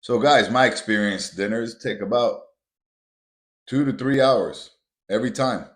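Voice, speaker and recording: A man hosting a motivational podcast, talking bluntly and with a lot of profanity, often building up to loud, emphatic rants. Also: medium pitch, unhurried. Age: adult with children. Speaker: podcast host.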